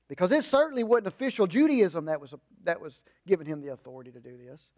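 A man delivers a conversational sermon in a folksy, sing-song style, fast and with hardly any pauses. He adds humorous asides and moves between emphatic raised lines and low, quiet remarks.

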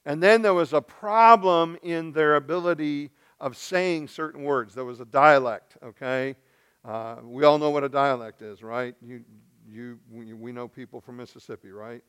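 A male pastor from Arkansas, speaking, delivers a sermon in a smooth, resonant voice. He acts out the voices in the story, rising to loud, high bursts and then dropping to a hush. His pitch sits in the middle of the male range. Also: normal speed.

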